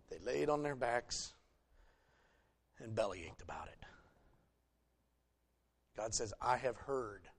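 High-pitched preacher guy from the south, folksy sermon, cracks jokes, gets loud then drops soft. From American South. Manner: folksy, joking, animated preaching. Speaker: pastor.

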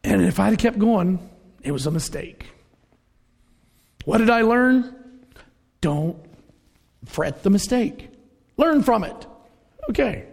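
A man's voice: high voice, expressive, takes it slowly, creaky, pauses often, darkish tone. A middle-aged man preaching a conversational sermon, telling everyday stories and acting out the voices in them. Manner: conversational, storytelling, acts out quoted voices. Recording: reverberant hall.

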